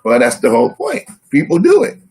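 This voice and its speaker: A man's voice: a little high, wildly swooping pitch, fairly quick, a little mellow, slightly rough, soft background music. A man co-hosting a live-stream discussion, teaching by asking his listeners rhetorical questions.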